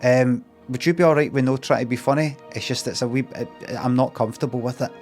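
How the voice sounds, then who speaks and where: Glaswegian man rambling deadpan on stream. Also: medium pitch, fast talker, soft background music. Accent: Scottish, Glaswegian. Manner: rambling, deadpan, acts out mock dialogue in a raised voice. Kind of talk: casual livestream chat with chat readers.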